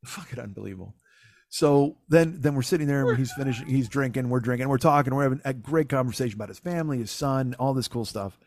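A man's voice: medium pitch, quick pace, hardly any pauses, darkish tone, dry recording, studio quality. A man hosting a podcast, telling a comic story in a profane, exasperated, self-mocking way. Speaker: podcast host.

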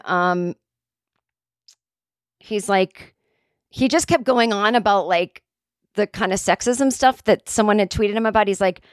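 Woman host, comedian, chatty storyteller, mid pitch, dry close recording. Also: unhurried, pauses often, dry recording. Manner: chatty, many fillers, reads quoted messages aloud, jumps up in pitch when excited. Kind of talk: casual storytelling monologue.

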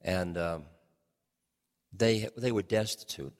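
An older man giving a relaxed storytelling talk, chuckling often and shifting his pace, recorded in a hall with long reverb. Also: low voice, takes it slowly. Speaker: speaker on change and spirituality.

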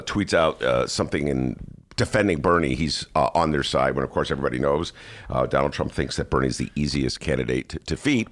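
Animated, sarcastic political talk host man. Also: very deep voice. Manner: sarcastic, animated, many "uh" fillers. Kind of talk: casual political commentary. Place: studio.

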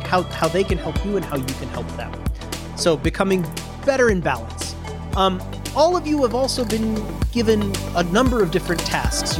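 A man narrating a tabletop role-playing game as game master, in a relaxed, rambling way. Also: sits high. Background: background music.

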